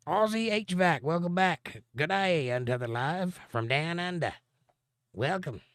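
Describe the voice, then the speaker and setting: A man's voice: a little high, lively intonation, a little slow, fairly bright tone, dry recording. A man hosting a livestream, reading viewer comments aloud and answering them with dry, sarcastic jokes. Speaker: livestream host.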